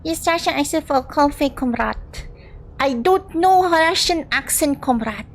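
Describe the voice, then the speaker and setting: A woman's voice: very high voice, normal speed, rough recording. A young woman streamer with a Singaporean English accent, reading game narration aloud and chatting between lines. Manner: chatty, reads narration then asides to chat. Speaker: VTuber streamer.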